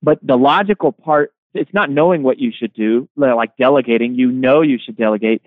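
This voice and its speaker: A guest author with a medium-pitched voice talks a little fast in his interview answers, energetically sharing ideas and stories and often repeating words as he begins. The remote line sounds phone-like, with no room sound.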